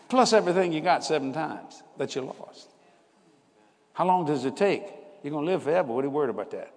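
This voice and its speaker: A man's voice: on the high side, darkish tone, long reverb tail. A man in his seventies preaching a sermon, telling family stories in a folksy, conversational way and laughing at his own tales. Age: 70s. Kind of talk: storytelling sermon.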